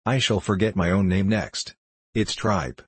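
A cheerful old working man, fond of his daughter, as a man reads him aloud. He has a deep, husky voice, recorded dry and close. His speech is homely and excitable. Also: unhurried, no echo. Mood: savoring.

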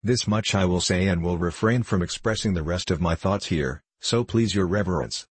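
A man's voice: deep voice, moderate pace, breathy edge, dry recording. A man reading the part of a stern old army lieutenant who speaks in a commanding, threatening way. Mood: defiant.

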